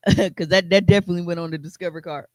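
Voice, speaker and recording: A man's voice: high voice, fairly even intonation, fast talker, no room sound. A man co-hosting a podcast, telling a story in a loose, casual way, with lots of fillers and swearing. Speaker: podcast co-host.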